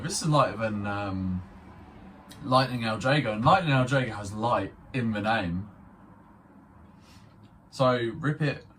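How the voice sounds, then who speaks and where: Far from the mic and against slight background noise, a young man with a medium-pitched, somewhat bright voice gives an unscripted review of a spinning top. He rambles on, curses freely, and makes fun of himself.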